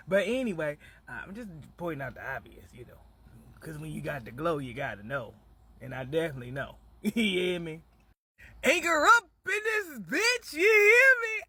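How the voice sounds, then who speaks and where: A man's voice: high voice, fairly bright tone, husky. A man from Michigan talking to his viewers in a loose, rambling way. He strings puns together, swears a lot, and keeps asking "you hear me?". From Battle Creek, Michigan. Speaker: vlogger. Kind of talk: rambling off-the-cuff monologue.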